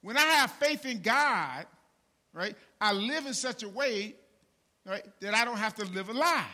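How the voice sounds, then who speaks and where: Lively in intonation but measured in pace, the preacher talks to his congregation like a conversation. His lines are full of "man" and "right?" and he swings between hushed asides and shouts.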